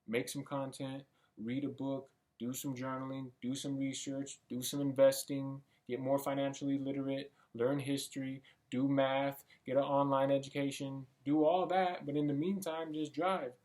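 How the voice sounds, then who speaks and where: A young man talks through his goals in a loose, rambling motivational monologue, as if thinking out loud. His voice sits in an ordinary middle pitch, and his delivery is casual, with the odd swear word. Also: flat delivery, moderate pace, hardly any pauses. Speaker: vlogger. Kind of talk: motivational self-talk monologue.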